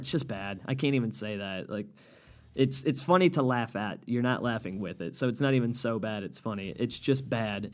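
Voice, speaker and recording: A man hosting a solo comedy podcast, ranting with heavy profanity and doing mocking impressions. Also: medium pitch. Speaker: podcast host.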